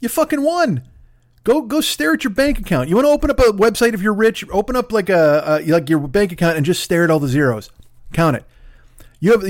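A man's voice: high voice, no echo, clean studio sound. A man hosting a podcast from his apartment, ranting in a casual, profane, rambling comedic monologue. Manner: profane, rambling, animated rants. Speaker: podcast host. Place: home apartment in Los Angeles.

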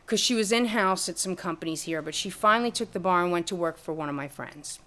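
A middle-aged woman telling her story in an interview, blunt and profane, with lively retellings of conversations. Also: fairly low pitch, fast. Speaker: guest, music lawyer and teacher. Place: room with a live audience.

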